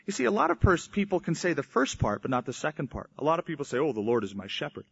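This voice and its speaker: Preacher guy telling a story in his sermon, kinda high voice, dull lo-fi sound. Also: big pitch swings, fast talker, gravelly, husky. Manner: storytelling preacher, voices quoted people in mock old English. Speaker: pastor.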